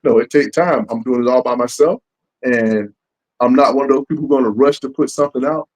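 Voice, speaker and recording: A man talks about making his comics in a loose, casual interview. He keeps acting out what his fans say to him, lifting and dropping his voice as he does. His voice sits at a middle pitch. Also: fairly quick, low-quality recording. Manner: animated, acts out fans' lines. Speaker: comic book creator.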